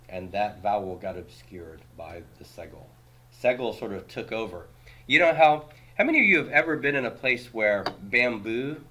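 A man lectures a classroom of students, and his voice sits fairly low with a bright, forceful edge. He explains step by step and keeps throwing questions to the class. His comparisons are plain, everyday ones. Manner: explains patiently, quizzes the class, uses homely comparisons. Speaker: Hebrew grammar teacher.

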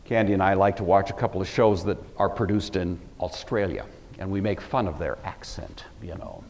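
A man's voice: deep voice, animated, normal speed, vocal fry, darkish tone, in a large hall, a little hiss or hum. A man from the Pacific Northwest giving a Bible study lecture, emphatic and wry, with conversational asides. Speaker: Bible teacher.

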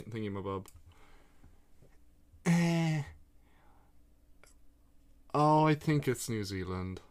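During a live stream of a geography guessing game, a man chats excitably and casually with viewers and himself, swearing freely. He has a smooth voice on the low side.

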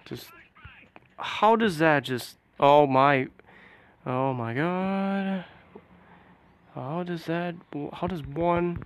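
A man giving casual, excitable commentary over his own gameplay, with frequent exclamations and groans, sometimes dropping to a soft mutter. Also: on the high side, very slow, pauses often.

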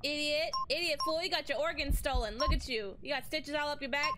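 High-voiced woman streamer cursing at gameplay. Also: steady tone, fairly quick, noisy background. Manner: profane, taunting, yelling insults. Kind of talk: gameplay commentary.

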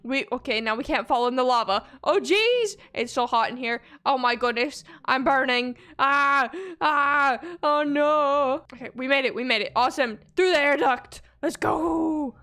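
A woman giving excitable commentary while playing a video game, gasping and squealing at every obstacle. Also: high-pitched, unhurried, clean tone. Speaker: gaming video creator. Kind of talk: playthrough commentary.

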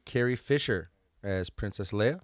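A man's voice: fairly low pitch, no echo, studio quality. A man co-hosting a casual movie review podcast, chiming in with enthusiastic reactions. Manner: enthusiastic, quick interjections. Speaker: podcast co-host.

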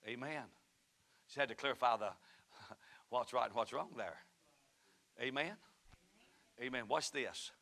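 A middle-aged man with a Southern US accent preaching a sermon as pastor, moving between shouted fervent passages and quiet storytelling. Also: mid-range voice, unhurried, vocal fry, pauses often. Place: church sanctuary.

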